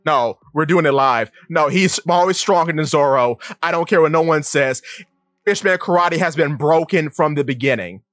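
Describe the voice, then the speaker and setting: A man co-hosting a casual podcast, ranting excitedly in mock outrage and laughing at himself. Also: on the high side, moderate pace, no room sound. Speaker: podcast co-host.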